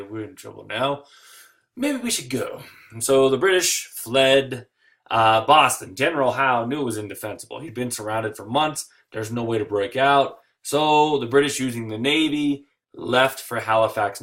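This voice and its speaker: A man giving a recorded history lecture, lively and digressive, with jokey asides. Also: medium pitch.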